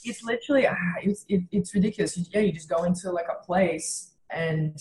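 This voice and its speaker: Her voice is lowish and a little mellow, and she talks briskly: a young Australian comedian from Western Australia, guesting in a casual chat. She tells her story animatedly, acting out quotes and swearing freely, against a roomy echo.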